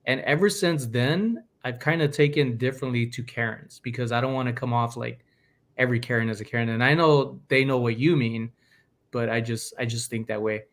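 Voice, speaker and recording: A man's voice: medium pitch, fairly quick. A man hosts a casual podcast chat in a mid-range voice. He tells stories with energy and mimics the people he quotes. His delivery is loose and conversational. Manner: animated storyteller acting out quoted people. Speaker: podcast host.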